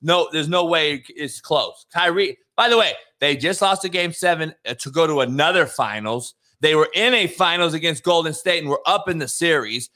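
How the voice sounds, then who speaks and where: A brash man hosts a casual sports talk show, trading jabs with his co-host. He swears freely and laughs a lot as he argues. His voice sits a bit high and bright. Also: animated, normal speed, hardly any pauses.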